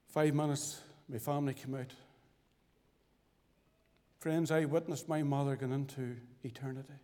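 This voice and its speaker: A middle-aged man giving his gospel testimony as a lay preacher, earnest and pleading, with dramatic pauses. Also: medium pitch, fairly even intonation, warm tone. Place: church fellowship hall. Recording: long hall reverb.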